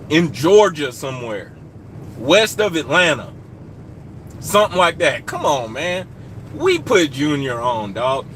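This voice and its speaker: A young man streaming live from his truck cab, chatting casually and joking with viewers, hollering shout-outs into a phone. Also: sits high, a little hiss or hum.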